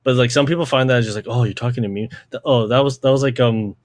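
A young man chats casually as a podcast host, rambling from point to point with lots of slang, swearing and "like". His voice is mid-pitched and sounds dry, close to the mic. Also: fairly even intonation, quick pace, dry recording.

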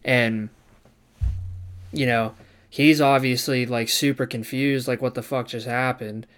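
Smooth-voiced young man telling a story. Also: mid-range voice, a little slow. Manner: animated, swears casually, acts out quoted people. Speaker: barber student. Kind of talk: casual storytelling vlog.

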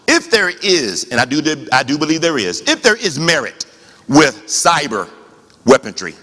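A man preaching a sermon as pastor, talking conversationally with rhetorical questions and rising to shouts. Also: on the high side, big pitch swings, moderate pace, long reverb tail.

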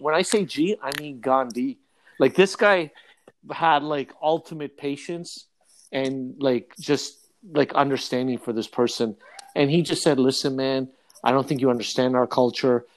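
A man's voice: mid-range voice, moderate pace, a little hiss or hum. A man, a comedian, telling jokey stories in a casual chat with a friend, full of restarts and asides. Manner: animated, jokey, frequent restarts.

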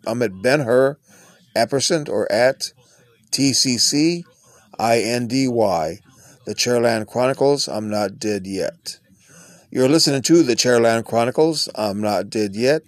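A man's voice: mid-range voice, a little slow, no echo. A man hosting his own podcast, talking in a rambling, earnest, unscripted monologue. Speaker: podcast host. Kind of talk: casual monologue.

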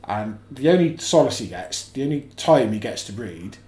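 A man's voice: mid-range voice, big pitch swings, moderate pace, a little mellow, reverberant. A man co-hosting a casual podcast chat, animatedly retelling plots at length. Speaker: podcast co-host.

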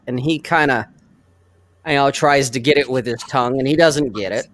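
A man chatting casually on a podcast, telling profane, animated stories. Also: medium pitch, normal speed. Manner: profane storytelling, animated impressions. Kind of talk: casual chat.

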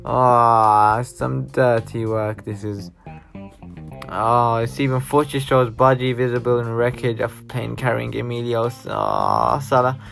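Gravelly-voiced man, casual news reaction, halting read with sighs, faint guitar behind. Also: medium pitch, animated. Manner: reads aloud haltingly with sighing asides. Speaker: commentator reading news.

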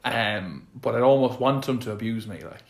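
An Irish man hosts a casual podcast chat, rambling with lots of restarts and fillers. His gravelly voice is medium-pitched at a normal speed, recorded in an echoey room.

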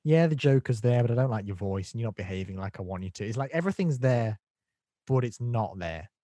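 A man's voice: medium pitch, expressive, fairly quick, warm tone, no room sound. Blunt opinionated man, dry mic. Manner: blunt, opinionated, mimics voices when quoting. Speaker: podcast co-host. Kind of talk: casual film review chat.

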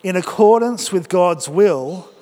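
A man preaches to his congregation with energy and humor, his voice high and lively. It rings through a church with a long reverb. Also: slow. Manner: energetic, joking, exhorting the congregation. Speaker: pastor. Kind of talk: sermon.

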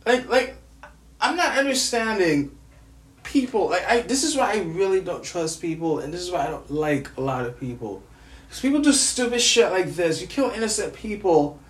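A man from the United States speaks with raw anger and grief, cursing and tripping over repeated words. His pitch swings up and down through the rant. The recording carries a roomy echo. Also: animated, normal speed. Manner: angry, profane, stammering repetitions. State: grieving, furious. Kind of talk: angry personal vlog rant.

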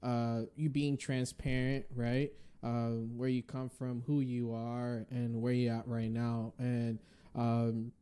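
Male podcast host from the Northeast, mellow tone, upbeat, faith-filled chat. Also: mid-range voice, little pitch movement, slow, clear, resonant tone. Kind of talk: casual podcast interview.

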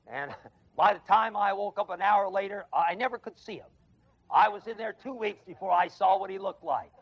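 A man's voice: sits high, moderate pace, gravelly, husky. A man giving an emphatic Bible lecture to an evening class, repeating and stressing key phrases and chuckling at his own stories. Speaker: Bible teacher. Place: evening adult education class at a college. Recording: dull, lo-fi 1970s tape of a dry classroom.

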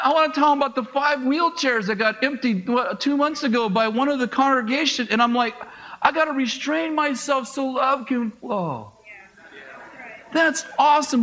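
A middle-aged man, a pastor, preaching a conversational sermon with quick asides, acted-out dialogue and laughs. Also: very high voice, pushed and bright, low-quality recording.

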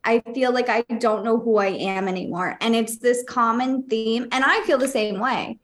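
A woman co-hosting a relaxed podcast, with a voice that sits a little on the high side. She talks in a loose, rambling way and laughs at her own slip-ups. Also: normal speed. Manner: chatty, rambling, laughs at herself. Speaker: podcast co-host and psychic medium. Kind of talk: casual podcast chat.

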